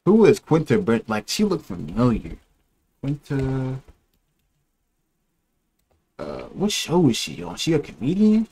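A man's voice: mid-range voice, huge pitch swings, measured pace, creaky, long pauses, dark tone, breathy edge. A young man in his twenties streaming, reacting in loose, joking chat full of slang.

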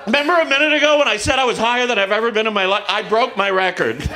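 A man doing a stand-up comedy set, telling stories in a halting, awkward way with deadpan self-mockery. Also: very high-pitched, noisy background. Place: comedy club stage with audience laughter.

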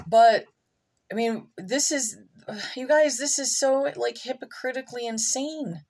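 A woman's voice: fairly high pitch, slight background noise. A woman vlogging from home, reading a column aloud and breaking into rambling asides and comments to her pets. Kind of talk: casual reading with off-the-cuff commentary.

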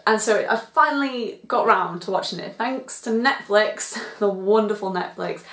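A woman's voice: mid-range voice, lively intonation, moderate pace, few pauses, fairly bright tone, echoey room. A young woman from Britain chatting enthusiastically in a casual vlog review, laughing often. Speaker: TV review vlogger.

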